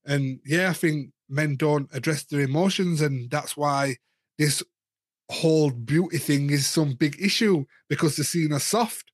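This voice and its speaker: A man's voice: a little high, unhurried, dry recording, clean studio sound. A man in his thirties or forties, a guest in casual candid chat, talking frankly and rambling, often repeating words as he thinks.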